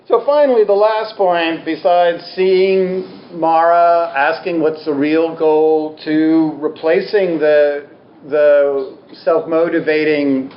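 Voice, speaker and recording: A man's voice: on the high side, slow, a little hiss or hum. A man giving a Buddhist teaching talk to an audience, candid, humorous and self-deprecating. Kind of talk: dharma talk to a live audience. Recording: roomy, slightly dull talk recording.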